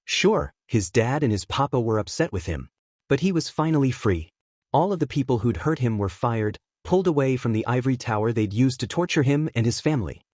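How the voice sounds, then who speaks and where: A man reading a fan fiction story aloud in a steady, even narration. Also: mid-range voice, brisk, dry recording, studio quality.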